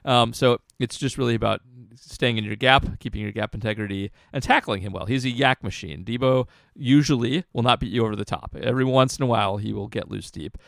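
A man with a gravelly, fry-tinged voice talks through football strategy on a podcast, stopping and restarting his sentences as he thinks. The sound is dry and close, with no room around it. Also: medium pitch, a bit bright, no room sound. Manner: analytical, halting with restarts. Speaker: podcast co-host, football analyst. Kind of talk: casual sports podcast talk.

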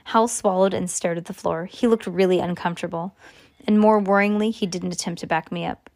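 A woman reading a first-person children's story aloud in a steady, earnest way. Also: on the low side, a little fast, no echo. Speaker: audiobook narrator.

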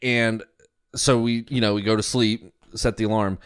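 Lower-voiced man rambling through an anecdote. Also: fairly even intonation, normal speed, smooth, no echo, clean studio sound. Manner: rambling anecdote full of fillers, laughs at own story. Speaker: podcast co-host. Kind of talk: casual chat.

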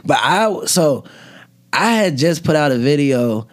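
A man's voice: on the high side, animated, a little slow. Rambling young man telling a story. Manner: rambling, laughing, fillers and restarts. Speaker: comedian guest. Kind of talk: casual podcast chat, storytelling.

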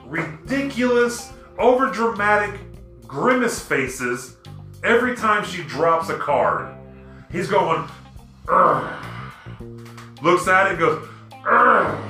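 Bright-voiced man ranting in an echoey room. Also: high voice. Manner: animated, profane storytelling and ranting. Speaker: podcast host. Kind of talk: casual chat. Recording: echoey room with music underneath.

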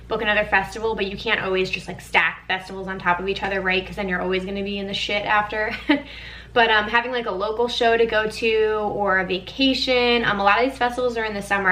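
A woman's voice: mid-range voice, sharp tone, poor audio. A young woman hosting a podcast, telling a candid personal story in a chatty, casual way, with lots of "like" and frequent swearing. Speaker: podcast host.

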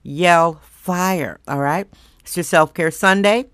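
Blunt, slightly hoarse woman podcast host. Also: fairly low pitch, a bit bright, no room sound, clean studio sound. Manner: blunt, emphatic, drawn-out stresses. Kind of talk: opinionated monologue.

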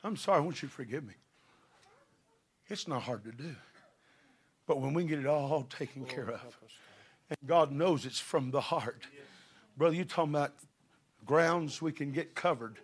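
A middle-aged man preaching a sermon with fervor, building to shouted passages. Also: on the high side, normal speed, long pauses, slightly rough.

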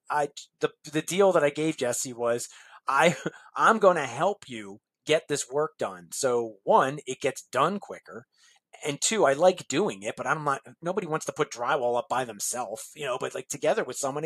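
A man sits as a guest on an interview podcast, telling a rambling personal anecdote. His voice has a husky, slightly breathy edge. He acts out the people in his story as he goes along. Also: a little high. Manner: lively storyteller acting out other people's lines.

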